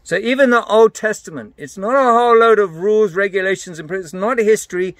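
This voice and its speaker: A man's voice: high-pitched, brisk, fairly bright tone, no echo. Emphatic preacher man with a dry close sound. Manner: earnest, emphatic, laughs between points. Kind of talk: Bible teaching.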